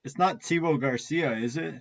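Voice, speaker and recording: A man's voice: on the high side, moderate pace, muffled recording. A man guessing on a game show over a video call, joking and exasperated.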